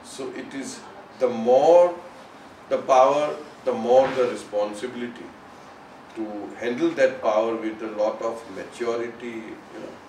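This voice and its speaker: A man's voice: medium pitch, a little slow, darkish tone, slight background noise. A man telling a spiritual parable in an informal, conversational way, often saying "you know". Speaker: storyteller at a spiritual gathering. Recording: roomy, mic at a distance, faint ambience.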